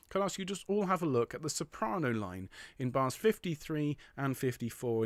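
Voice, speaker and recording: A man's voice: mid-range voice, a bit bright, dry recording. A man leading an online choir rehearsal, explaining bars, counting in, and singing the lines with encouragement. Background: piano.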